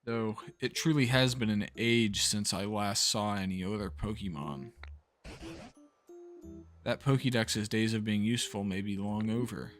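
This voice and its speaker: A gruff, wistful old male professor, as a man puts him on. His voice is a put-on old-man sound, a little lower and quieter than the man's own, with a bright edge. It is a game character read aloud on a stream. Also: unhurried, soft background music.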